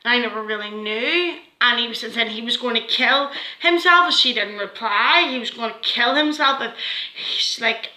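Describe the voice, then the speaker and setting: A woman's voice: a little high, normal speed, pushed and bright, echoey room, low-quality recording. A woman with a Northern Irish accent telling a story to camera in a rambling, swearing way, full of "like" fillers. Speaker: vlogger.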